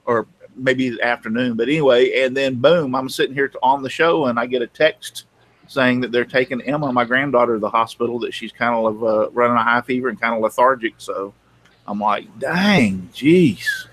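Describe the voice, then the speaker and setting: A man speaks at a middle pitch. He co-hosts a casual live stream, rambling and repeating words as he goes. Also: fairly even intonation, fairly quick, fairly bright tone. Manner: rambling, repeats himself, laughs often. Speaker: co-host.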